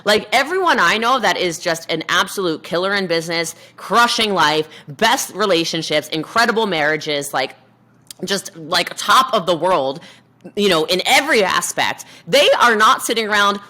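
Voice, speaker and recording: A woman guest on a podcast interview, talking fast and animated, acting out quoted voices. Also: lowish voice. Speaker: podcast guest, network marketer. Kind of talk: energetic interview talk.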